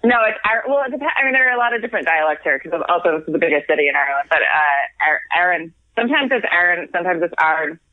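A woman's voice: sits low, dry recording. Chatty woman on a tinny phone line. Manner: rambling, self-deprecating, quick laughs. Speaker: guest comedian. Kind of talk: casual chat.

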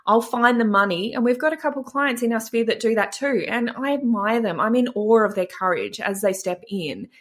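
A woman business coach co-hosting a podcast, ranting forcefully with tough love and swearing. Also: on the high side, a little fast, hardly any pauses. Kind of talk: casual podcast rant.

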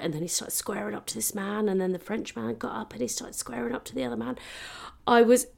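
A woman's voice: medium pitch, fast talker, gravelly, darkish tone. A woman from Britain, a comedian and podcast host, telling a comic story in a monologue, swearing freely and dropping into whispered asides.

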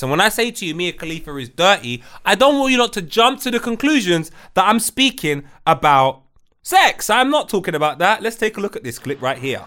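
A man's voice: high-pitched, big pitch swings, brisk, a bit bright. A man hosting a podcast, commenting bluntly and mockingly on online clips. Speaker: podcast host.

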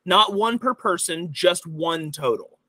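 A young man running a tabletop game as dungeon master, with a bright, slightly high voice. He explains options in a loose, rambling way full of fillers. The sound is dry and close. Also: measured pace, no echo.

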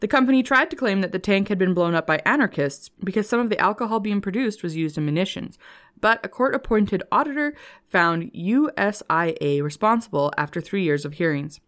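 A woman's voice: medium pitch, animated, fairly quick, a bit bright. A woman co-hosting a casual podcast, telling history and teasing her co-host in a dry way. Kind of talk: casual chat with read-out history.

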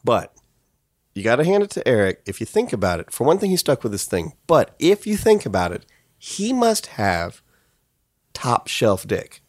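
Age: adult. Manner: crude, animated comic storyteller. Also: male voice, mid-range voice, a little fast, no room sound, clean studio sound. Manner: loose, crude, swearing, animated.

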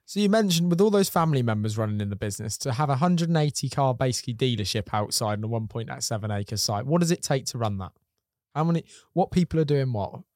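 A man's voice: medium pitch, animated, fast, a little mellow, dry recording, clean studio sound. A man hosting a podcast, asking loose, rambling questions in casual chat. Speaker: podcast host.

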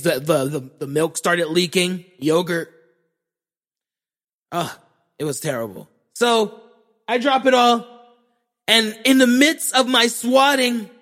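Casting: a podcast host, a young man with a high voice, profane and animated, recorded in a long echoing hall. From Florida, USA. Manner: profane, animated, self-mocking. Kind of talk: comedic storytelling monologue.

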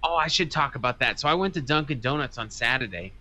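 Bright-voiced man with a Boston accent. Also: mid-range voice, lively intonation, fast talker, slight background noise. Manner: profane, joking, sounds slightly angry. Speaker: podcast co-host. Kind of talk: casual banter.

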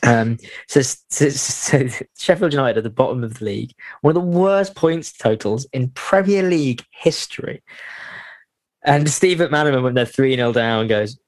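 A man's voice: mid-range voice, lively intonation, normal speed, dry recording. Casting: jokey male podcast co-host in his thirties, dry close sound. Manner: jokey, laughs often. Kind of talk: casual football podcast chat.

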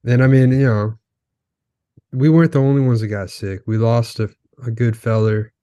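A young man co-hosts a podcast in loose, crude chat, swearing through most of his lines. His voice sits at an ordinary pitch for a man. The sound is dry and close, with no room echo. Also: fairly even intonation, moderate pace, dark tone. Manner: crude, profane banter. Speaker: podcast co-host. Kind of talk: casual chat.

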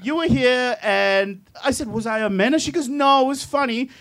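Very high-voiced laughing comedian man. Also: normal speed, fairly bright tone. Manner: self-mocking, laughs through his lines, mimics voices. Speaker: comedian guest. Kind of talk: live comedy podcast banter. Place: live show in a pub.

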